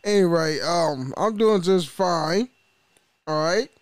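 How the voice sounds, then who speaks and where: A man's voice: fairly high pitch, lively intonation, slow, dry recording. A man hosting his own podcast in a casual monologue, loose and profane, often stumbling over his words. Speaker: podcast host.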